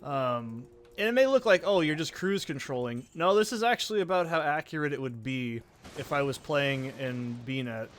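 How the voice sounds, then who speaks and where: A man's voice: medium pitch, lively intonation, moderate pace, fairly bright tone. A man hosting a let's play, giving rambling, profane, self-deprecating gameplay commentary.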